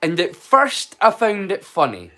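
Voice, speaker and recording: A man's voice: sits high, huge pitch swings, a little slow, pushed and bright. A man with a Scottish accent, mixed and borrowed from many places, hosting a casual live-stream watch-along, rambling and chatting straight back to his viewers. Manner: rambling and chatty, answers his chat directly.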